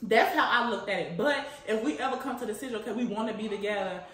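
Young woman, casual vlog chat, bright tone, somewhat high voice, echoey room. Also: fast. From Chicago. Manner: chatty, laughs often, says "you know what I'm saying". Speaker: vlogger answering viewer questions.

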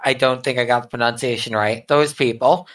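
Podcast co-host, blunt, swears freely, mid pitch, a bit far from mic. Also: steady tone, brisk, a bit bright. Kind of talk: casual chat. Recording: set back from the mic.

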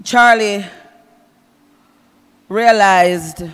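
A woman's voice: medium pitch, very slow, fairly bright tone, clean tone. A woman preaching a funeral eulogy in a church, reading scripture in a sing-song preaching cadence and calling out to the congregation. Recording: long church reverb with music.

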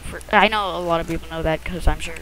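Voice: medium pitch, steady tone, fast talker, noisy background. A first-time gamer commentating their own shooter match in a casual, rambling, self-conscious way, with muttered asides, recorded at home on a close mic that the lips bump.

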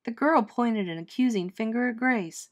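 A woman teacher reading a children's chapter book aloud with clear, expressive storytelling. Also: a little high, normal speed.

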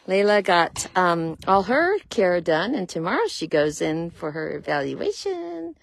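A woman from a horse rescue walking through the barnyard, explaining each animal's care in a casual vlog and cooing to them in a high sing-song. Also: big pitch swings, measured pace, gravelly, hardly any pauses, no room sound. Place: outdoors at a farm with horses.

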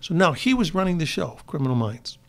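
A gravelly, fairly high-pitched older man from Chicago, a guest actor, talks fairly fast with big swings in pitch. He tells long, rambling stories in a casual interview, full of restarts.

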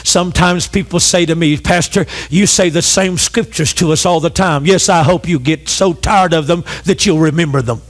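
A middle-aged pastor with a notably high voice delivers a fervent sermon. He calls on the congregation to answer back and repeats key phrases, climbing into shouts. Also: normal speed, few pauses. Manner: impassioned preaching with call-and-response.

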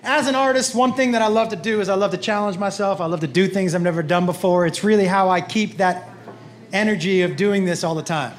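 A male stand-up comedian telling animated, crude stories on a club stage into a handheld mic. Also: sits high, fairly quick. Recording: echoey comedy club with loud crowd.

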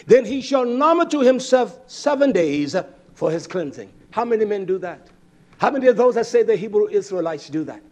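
Fiery high-voiced male preacher. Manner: confrontational, rhetorical questions, swings from loud to low. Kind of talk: fiery scripture sermon.

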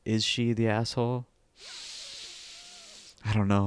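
A man hosts a casual podcast on his own and reads posts aloud. His voice is smooth and clear, set close to the mic in a dry, dead room. He mutters offhand comments to himself and now and then bursts out loud and silly. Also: on the low side, normal speed, no room sound. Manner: offhand, mumbling asides, sudden loud silly outbursts. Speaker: podcast host.

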